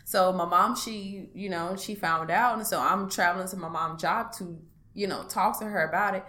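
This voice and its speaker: A woman speaking in an interview, giving a personal account in a halting, hesitant way with many pauses and restarts. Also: lowish voice, sharp tone. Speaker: interview guest.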